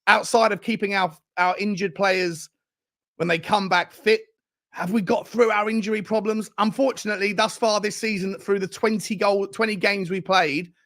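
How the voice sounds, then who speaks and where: An excitable man hosting a football fan live stream. He laughs often, bursts into cheers and reads out viewers' comments in casual chat. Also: sits high, normal speed. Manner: excitable, laughs a lot, shouts out chat names.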